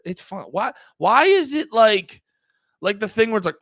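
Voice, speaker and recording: A young man, hosting a livestream and rambling through loud, profane casual commentary. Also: on the high side, expressive, measured pace, no echo. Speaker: livestream host.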